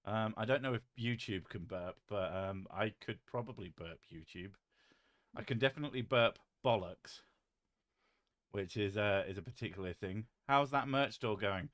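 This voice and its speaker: British male streamer, lowish voice, dry close sound, deadpan jokey delivery, swears freely. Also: moderate pace, no echo. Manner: joking, deadpan, swears casually. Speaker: live streamer reading chat. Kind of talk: casual live-stream chat.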